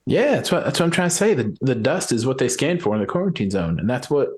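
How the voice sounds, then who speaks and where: A man's voice: mid-range voice, sing-song, close to an everyday voice. A man playing an anxious young male mechanic who stumbles through confessing a secret in a tabletop role-play. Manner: halting, restarts, rushed worry.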